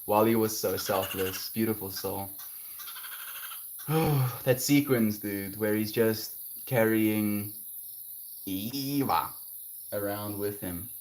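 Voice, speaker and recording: A man livestreaming, chatting gently and affectionately with viewers about kindness and spirituality. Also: slow pace, pauses often, slight background noise. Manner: gentle, spiritual, affectionate, breaks into high laughing bits. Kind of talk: casual chat reading viewer comments.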